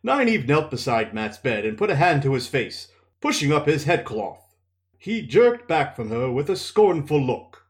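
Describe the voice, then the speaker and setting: Man, podcast host, casual book recap, lively expressive pitch, relaxed delivery. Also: a little slow, echoey room. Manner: relaxed, thinking aloud with restarts.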